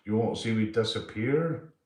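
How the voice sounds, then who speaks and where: A man with a lowish, darkish voice and lively intonation chats at a moderate pace on a live stream, with reverb in the room. He reads viewers' names aloud, curses freely, and says "mate" over and over.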